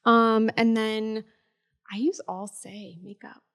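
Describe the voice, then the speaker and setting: A woman, a beauty brand founder, talking brightly and laughing as a guest on a live podcast panel. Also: fairly high pitch, little pitch movement, takes it slowly. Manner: bubbly, laughing, talks up products. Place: busy pop-up shop before a live audience.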